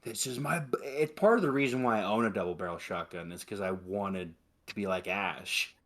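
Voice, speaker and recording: A young man on a podcast, chatting excitedly about a movie, swearing a lot and acting out lines from it. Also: low voice, a little fast. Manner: excited, profane, quotes movie lines in put-on voices. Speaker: podcast host. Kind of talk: casual movie chat.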